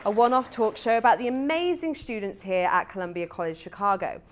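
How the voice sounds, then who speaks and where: A woman's voice: mid-range voice, fairly quick, a little hiss or hum. A young British woman hosting a casual student chat show, chatty and self-mocking, with ums and little laughs. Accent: British English. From Britain. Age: young adult. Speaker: talk show host.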